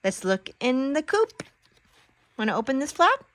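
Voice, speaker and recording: Lively, high-pitched mother reading aloud. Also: measured pace, no room sound. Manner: animated and sing-song, with gasps and exaggerated exclamations; makes animal sounds. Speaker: mother reading to her toddler. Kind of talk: reading a picture book aloud to a small child.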